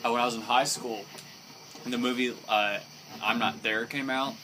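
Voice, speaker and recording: A man's voice: medium pitch, fairly even intonation, normal speed. A young man chatting casually on a podcast, eager and hedging his words with "like" and "uh". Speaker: podcast guest. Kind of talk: casual chat. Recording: noticeable background noise.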